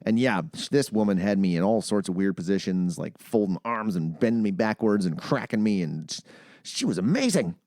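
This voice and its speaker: A man in his thirties chatting on a podcast. He tells stories with a swinging, lively pitch and drops swear words casually. The sound is dry and close. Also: brisk, no echo. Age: 30s. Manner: animated, swearing storyteller. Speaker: podcast co-host. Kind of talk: casual chat.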